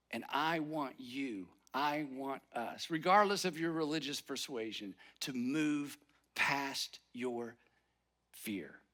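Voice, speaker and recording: A man delivers a sermon in an easy, conversational way. His voice sits high and rings bright and forceful. He slips into quick acted lines of everyday inner talk. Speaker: pastor.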